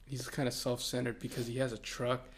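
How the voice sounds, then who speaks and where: A young man chats on a podcast with a gravelly, fry-heavy voice. He talks in a laid-back, hesitant way and swears casually as he tells a story. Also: medium pitch, level tone, a little fast. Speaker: podcast co-host.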